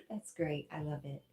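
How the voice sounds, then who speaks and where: A woman with a low, dark-toned voice hosts a casual livestream. She giggles a lot while reading viewer chat messages aloud.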